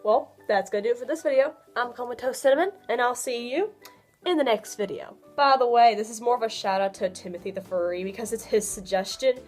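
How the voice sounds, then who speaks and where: A young woman talks through casual advice in a fairly high voice, chatty and prone to little laughs. Her pitch jumps around as she gets excited. Soft music plays faintly under her. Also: brisk. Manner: chatty, laughs often, lively swings in pitch. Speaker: vlogger.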